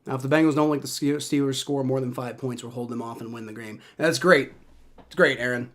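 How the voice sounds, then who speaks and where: Young guy doing live play-by-play reaction, bright sharp voice, gets worked up and swears a lot. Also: medium pitch, fairly quick. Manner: excitable, swears, reacts to plays aloud. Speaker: live-stream game reaction host.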